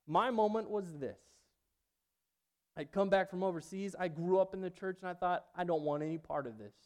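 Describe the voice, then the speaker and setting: A man preaching a personal testimony sermon, moving between hushed passages and loud outbursts. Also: high voice, normal speed. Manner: dynamic, swings from hushed to loud.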